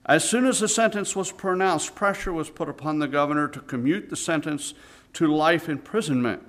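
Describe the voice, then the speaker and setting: A preacher tells a sermon story in a somewhat high male voice. He drops to a hush, then rises loud for the dramatic moments. His delivery is theatrical and earnest. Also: moderate pace. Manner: dramatic, swings between hushed and loud.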